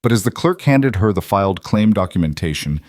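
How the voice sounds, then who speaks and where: Male storyteller, measured scripted narration, low pitch, dry close recording. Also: lively intonation, a little mellow, no echo.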